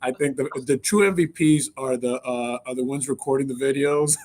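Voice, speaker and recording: A man co-hosting a casual workplace live stream, an animated storyteller who halts with many fillers and laughs often. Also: medium pitch, moderate pace. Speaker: co-host of company live stream. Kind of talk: casual chat.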